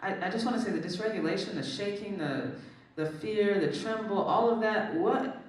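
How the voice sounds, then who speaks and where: An author and guest speaker in a live onstage conversation, talking expressively and jumping up high when animated. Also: moderate pace. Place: large echoing hall at a live event. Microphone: distant from the microphone. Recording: echoey hall from far off.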